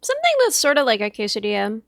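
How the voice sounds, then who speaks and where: High-voiced woman streamer, playful. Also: huge pitch swings, quick pace, creaky, no room sound, studio quality. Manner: playful, teasing interjections. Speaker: streamer host. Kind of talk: casual livestream chat.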